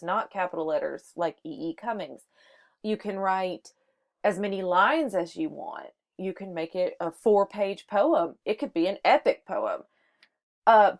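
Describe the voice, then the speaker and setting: A woman's voice: mid-range voice, darkish tone. A woman teaching a short lesson on poetry, explaining step by step with some fillers and restarts. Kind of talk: microteaching lesson on sonnets.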